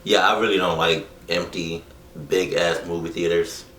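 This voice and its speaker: A man giving blunt, profane, animated reactions to a story he is listening to. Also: deep voice, moderate pace, reverberant, a little hiss or hum. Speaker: reaction video host. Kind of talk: casual reaction commentary.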